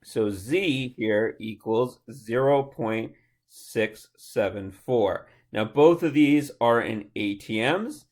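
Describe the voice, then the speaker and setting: A man working through a chemistry problem step by step, talking aloud through each calculation as a tutor. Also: mid-range voice. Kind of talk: worked-problem lecture.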